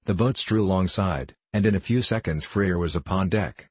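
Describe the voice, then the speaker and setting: Very low, husky male audiobook narrator. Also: no room sound. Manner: steady, measured storytelling.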